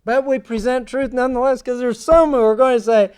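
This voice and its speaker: A man giving a creation science lecture in a church, animated and sarcastic in his asides. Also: very high-pitched, brisk, clean tone. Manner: animated, sarcastic asides, mocking quoted voices. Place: church sanctuary.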